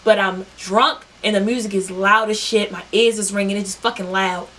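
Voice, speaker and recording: A young woman vlogger telling a storytime tale in an animated, profane, slangy way. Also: mid-range voice, normal speed. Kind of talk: storytime vlog.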